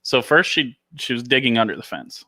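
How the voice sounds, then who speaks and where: A man's voice: mid-range voice, lively intonation, a little fast, sharp tone, no room sound. A man hosting a casual podcast, telling a story with lots of laughter and animation. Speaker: podcast host.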